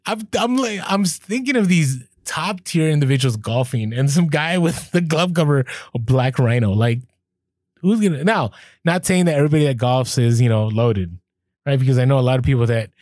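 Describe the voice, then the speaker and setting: A man's voice: medium pitch, fairly quick, no echo, studio quality. A man co-hosting a podcast, chatting casually and telling stories, acting out the exchanges he quotes. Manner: animated storyteller, acts out quoted exchanges. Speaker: podcast co-host. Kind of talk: casual chat.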